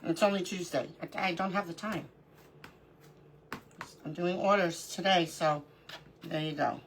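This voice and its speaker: A middle-aged woman runs a live crafting stream in a lowish voice, speaking a little slowly over slight background noise. Her talk is casual: she says hello to viewers by name and narrates to herself while working.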